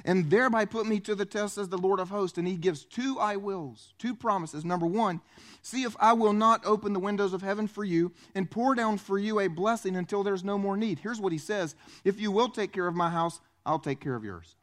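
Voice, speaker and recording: A man pastor preaching a sermon, animated and acting out the voices he quotes. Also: sits high, fairly quick.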